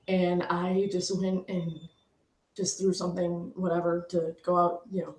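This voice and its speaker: A woman's voice: on the low side, darkish tone. Emotional woman telling a personal story. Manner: emotional, apologetic, fighting tears. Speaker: speaker sharing a personal story. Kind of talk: personal testimony talk. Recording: echoey room.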